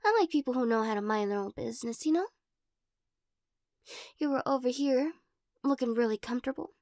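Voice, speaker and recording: A woman's voice: a little high, fairly quick, darkish tone, no echo, clean studio sound, close to an everyday voice. A woman playing a weird, giggly girl in whispered role-play. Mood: quirky.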